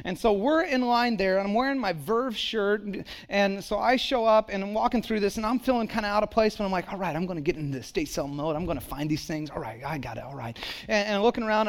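Middle-aged guy preaching, high voice, tells stories and does little voices for people. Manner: animated storyteller, acts out quoted voices. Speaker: pastor. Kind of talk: sermon with personal stories.

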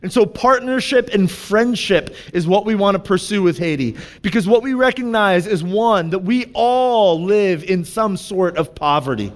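A young male pastor with a high, light voice preaches in a casual, confiding way. He talks to the congregation as if chatting with friends. A long hall reverb trails his words around the church. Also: animated, normal speed, few pauses. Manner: candid, conversational preaching with asides to the congregation. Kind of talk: sermon. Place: church sanctuary.

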